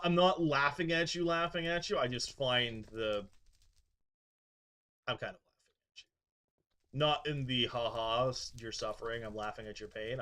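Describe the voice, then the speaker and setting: A man's voice: mid-range voice, pushed and bright. A man streaming a game, chatting casually with viewers, laughing often and muttering asides under his breath. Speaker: gaming streamer. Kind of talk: casual gameplay commentary, reading chat.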